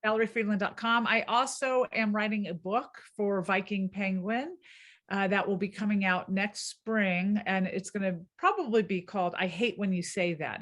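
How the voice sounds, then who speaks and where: A woman linguist with a subtle Southern US accent, explaining clearly and laughing easily in a podcast interview. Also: mid-range voice, fairly bright tone. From American South. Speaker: linguist guest.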